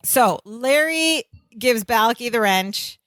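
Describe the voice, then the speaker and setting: A woman co-hosts a podcast, walking through a sitcom episode in a casual, animated way. Her voice sits fairly high, and the recording is dry and close. She acts out the characters' lines as she goes. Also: slow pace, no echo. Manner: animated, acts out scenes with quoted voices and laughter. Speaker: podcast co-host.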